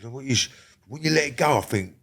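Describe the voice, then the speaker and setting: A man's voice: mid-range voice, animated, fairly quick, fairly bright tone. An older man speaks in a mid-range voice as a podcast guest. His talk is blunt and full of swearing. He often stops and restarts his sentences. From England. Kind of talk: casual interview talk.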